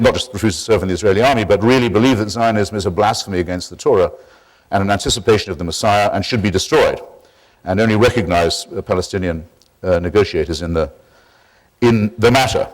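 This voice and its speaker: A man giving a public lecture in a wry, digressive, measured way. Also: deep voice.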